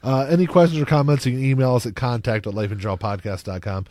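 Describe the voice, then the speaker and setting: A man's voice: mid-range voice, steady tone, fast talker, darkish tone, no room sound. A man in his thirties co-hosting a casual podcast chat, talking in stop-start, rambling phrases. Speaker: podcast co-host.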